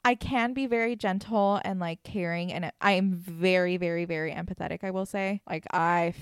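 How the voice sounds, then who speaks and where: A young woman chatting casually as co-host, giggly and quick to laugh. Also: fairly low pitch, fairly even intonation, smooth, dry recording, clean studio sound. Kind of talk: casual chat.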